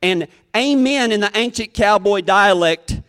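A man's voice: sits high, unhurried, a bit bright, clear, resonant tone. A man preaching a storytelling sermon as a cowboy preacher, folksy. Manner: folksy, drawling storyteller who acts out quoted voices.

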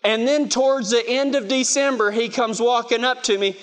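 Male West Texas preacher with a strikingly high voice, telling stories with a self-mocking humor, booming in a big reverberant hall. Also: fairly even intonation, moderate pace, fairly bright tone, smooth. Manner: chatty, self-mocking, lots of "you know". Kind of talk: storytelling sermon.

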